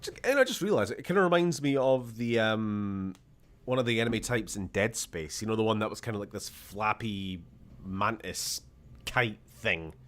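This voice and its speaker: A man's voice: on the low side, expressive, normal speed, fairly bright tone. A man from Scotland giving casual gameplay commentary as a streamer, sarcastic and jokey, swearing freely.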